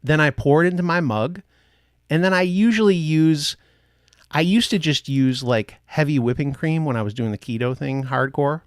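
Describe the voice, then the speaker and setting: A man's voice: on the high side, moderate pace, no echo, clean studio sound. A man from the United States hosting a podcast, chatting in a playful, rambling way. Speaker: podcast host. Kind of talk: casual chat.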